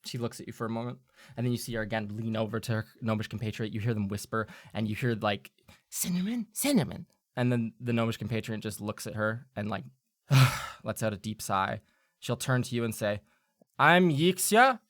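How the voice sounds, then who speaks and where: Halting man narrating a game. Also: lowish voice, level tone, dry recording, clean studio sound. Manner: halting, filler-heavy narration. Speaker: game master.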